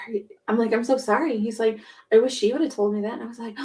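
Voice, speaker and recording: Woman cohost rambling excitedly, lots of "like", casual podcast chat. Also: on the high side, a little fast. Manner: rambling, filler-heavy, excitable storytelling. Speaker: podcast co-host. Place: home.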